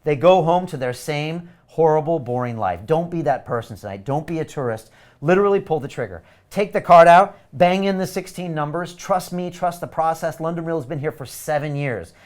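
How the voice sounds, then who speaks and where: A man's voice: on the high side, normal speed. A man hosting a live webinar, pushing viewers hard and emphatically to sign up for a course. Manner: energetic, urgent, pushy and emphatic. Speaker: webinar host selling a course. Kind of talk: live webinar sales pitch.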